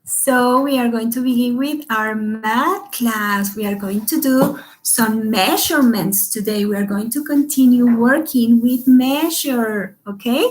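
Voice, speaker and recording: Slow sing-song woman teaching kids. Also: a little high, reverberant, a little hiss or hum, low-quality recording. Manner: slow, sing-song, greeting children by name. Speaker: kindergarten teacher. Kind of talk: online class for young children.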